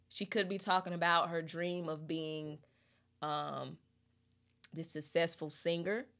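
A young woman, chatting expressively in a casual lyric breakdown and reading lyrics aloud slowly. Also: fairly low pitch, pushed and bright. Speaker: music reaction host.

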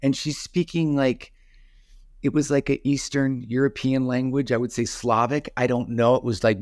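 A man's voice: medium pitch, moderate pace, no room sound, studio quality. A man in his forties telling a childhood story in a casual, rambling way, full of fillers and restarts.

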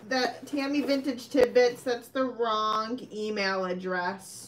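A woman's voice: on the high side, little pitch movement, slow pace. A woman helps run a live sale and keeps track of buyers. Her remarks are short and practical. Faint noise is heard in the recording. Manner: brief, practical interjections.

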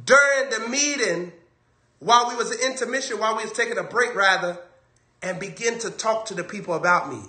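A man's voice: sits high, sharp tone, roomy sound. A man preaching a sermon on a livestream, emphatic and repetitive, hammering his key phrases over and over.

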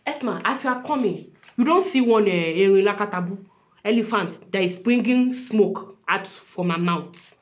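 A woman's voice: mid-range voice, lively intonation, normal speed, close to an everyday voice. A woman playing a blunt Nigerian village tailor. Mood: teasing. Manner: broken English, scolding and teasing. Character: rustic young woman tailor, blunt and comic.

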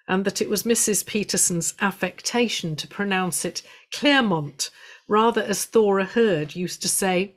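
A woman giving a prepared illustrated talk to a local history society, telling stories in a measured way with gentle humour. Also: mid-range voice.

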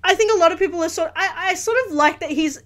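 A woman's voice: very high voice, quick pace, fairly bright tone. A woman hosting a casual video reaction review, talking earnestly and gushingly with many restarts and fillers. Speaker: reaction channel host.

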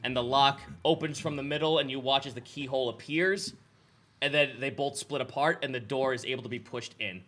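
A man's voice: medium pitch, brisk, pushed and bright, faint music behind. A man narrating as game master in a casual tabletop game, loose and chatty with many fillers.

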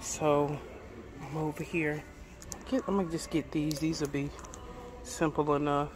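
A woman with a Southern US accent chatting casually to her viewers in a DIY vlog, folksy and quick to get riled up. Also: sits low, little pitch movement. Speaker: DIY vlogger.

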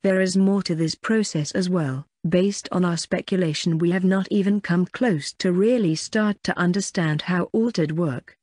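A woman's voice: lowish voice, normal speed, hardly any pauses, a little mellow, no echo. Female audiobook narrator, first person, conversational and unpolished, dry booth sound. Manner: plain, conversational reading with small slips.

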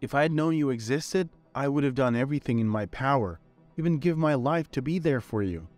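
A man's voice: medium pitch, animated, brisk, darkish tone, faint music behind, natural voice. A man voicing a regretful middle-aged father. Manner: pleading, sincere.

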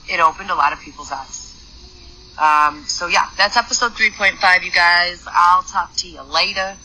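Podcast host, woman; chatty, restart-heavy delivery, emphatic in spots, sharp bright timbre. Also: low-pitched, a little hiss or hum, low-quality recording. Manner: chatty, rambling, frequent fillers and restarts. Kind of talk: casual storytelling monologue.

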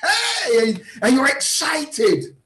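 A man who is a bishop, mentoring a class in a preaching style. He is emphatic, repeats words and breaks into sudden shouts. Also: very high voice, huge pitch swings, slow, echoey room, slight background noise. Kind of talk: motivational teaching talk in a preaching style.

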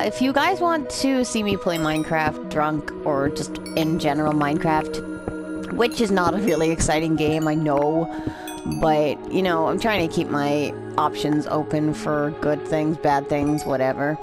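A woman's voice: low voice, unhurried, over music. A drunk woman giving rambling, foul-mouthed commentary while playing a video game, easily amused. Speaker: gameplay commentator. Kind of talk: rambling let's-play commentary.

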